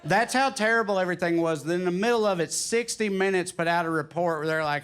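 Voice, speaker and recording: A man with a Tennessee drawl performing stand-up comedy in a club, animated and quick to slip into silly voices. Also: sits high, clear, resonant tone. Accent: Southern US, Tennessee drawl. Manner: animated, swings into put-on voices and quips. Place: comedy club stage with audience.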